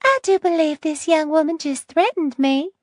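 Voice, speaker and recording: A woman reading an audiobook, voicing a sugary-sweet but spiteful old woman in a high, honeyed voice that turns harsh. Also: moderate pace, dry recording, clean studio sound, lightly acted. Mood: syrupy sweet. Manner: syrupy sweet turning harsh and hissing.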